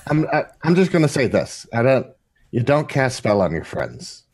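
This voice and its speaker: A man playing a tabletop game, speaking in a hesitant, halting way. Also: medium pitch, sing-song, darkish tone. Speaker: player. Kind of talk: casual game chat.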